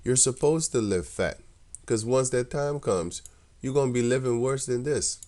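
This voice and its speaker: A man with a mid-range, slightly mellow voice gives animated scripture commentary at a moderate pace. Casual and rambling, he laughs a lot, speaks with mocking scorn, and restarts often.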